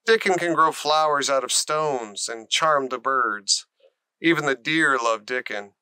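A man's voice: medium pitch, measured pace, bright, forceful tone, smooth, no room sound. Man reading as a brusque old gardener.

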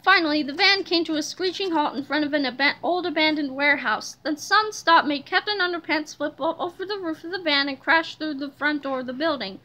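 A woman narrating a children's book aloud in a lively storytelling manner. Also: sits high, fairly quick, few pauses. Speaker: reader.

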